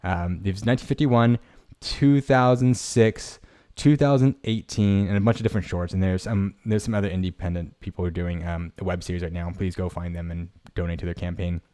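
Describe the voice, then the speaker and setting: Rambling, halting podcast host man. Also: deep voice, steady tone, dark tone. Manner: rambling, halting, with frequent restarts and fillers; self-deprecating, laughs at himself. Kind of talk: casual solo podcast talk. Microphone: streamed podcast mic.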